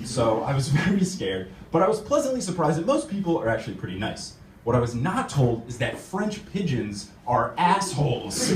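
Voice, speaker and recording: Animated American man doing stand-up. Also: fairly high pitch, a little hiss or hum. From United States. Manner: animated, laughs at his own jokes. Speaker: stand-up comedian. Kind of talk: stand-up set. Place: comedy club stage. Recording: roomy venue sound from a distance.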